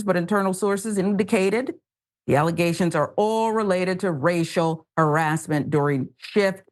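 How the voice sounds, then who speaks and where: A woman co-hosting a news show, reading stories and adding sarcastic, animated asides. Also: fairly low pitch. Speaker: news co-host.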